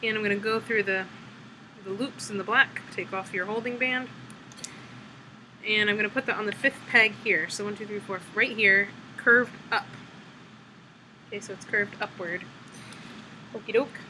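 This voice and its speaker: Woman craft tutor, mid-pitched and bright, chatty step-by-step instruction. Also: steady tone, moderate pace, long pauses, slight background noise, rough recording. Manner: chatty, talks while working with her hands.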